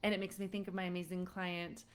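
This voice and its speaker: A woman parenting coach giving an online lesson to parents, animated and often laughing as she acts out frustrated parents. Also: on the low side, fast, clean tone.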